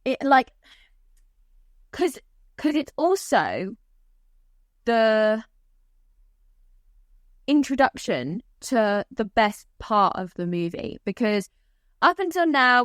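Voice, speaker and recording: A young woman hosting a casual film podcast. She talks in an animated, sweary way and acts out scenes as she goes. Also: a little high, smooth, no room sound, studio quality. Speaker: podcast host.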